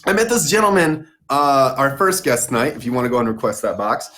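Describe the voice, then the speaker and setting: A man's voice: medium pitch, big pitch swings, brisk, a bit bright. A man hosting a live-stream interview show, talking in an enthusiastic, chatty way and laughing easily. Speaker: host.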